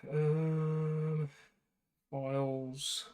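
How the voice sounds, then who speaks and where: A man's voice: fairly high pitch, little pitch movement, very slow, a little mellow, low-quality recording. A man with a British accent chatting casually to himself and the camera while building a computer, with muttered asides. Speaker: PC builder vlogger.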